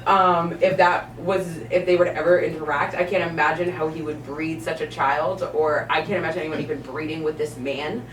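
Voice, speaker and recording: A young woman bartender telling stories on a podcast in a lively, exasperated way, laughing along. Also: low-pitched, moderate pace, few pauses. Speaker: bartender guest. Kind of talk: casual podcast storytelling. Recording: echoey room, distant mic, faint noise.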